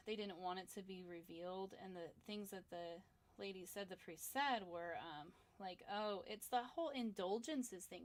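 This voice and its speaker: A young woman artist rambling through a story in casual chat while she draws, tired and sleepy, with lots of fillers. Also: mid-range voice. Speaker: comic artist livestreaming a drawing session.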